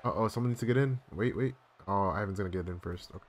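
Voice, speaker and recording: Excitable young man calling a game. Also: fairly low pitch, fast talker, a little hiss or hum. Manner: excitable, bursts into sudden exclamations. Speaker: streamer. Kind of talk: live play-by-play game commentary.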